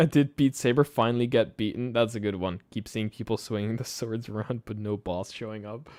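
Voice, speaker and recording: A man's voice: fairly low pitch, fairly even intonation, moderate pace, a little mellow, no room sound. Sleepy guy rambling on his live stream at night, laughs a lot, dry close mic. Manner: rambling, chatty, laughs often, restarts sentences. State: tired late at night. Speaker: YouTube channel host. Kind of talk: casual live-stream chat.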